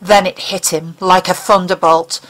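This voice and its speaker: A woman's voice: on the low side, little pitch movement, measured pace, fairly bright tone, poor audio. A woman narrating a dramatic audiobook. She reads with expression, pressing into the tense passages and inner thoughts of the story. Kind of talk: dramatic fiction reading.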